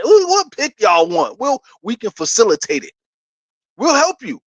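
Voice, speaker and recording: A man's voice: very high voice, sing-song, moderate pace, a bit bright, no echo. A middle-aged man with a New York accent, trash-talking casually as a sports fan host, laughing between his points. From New York City.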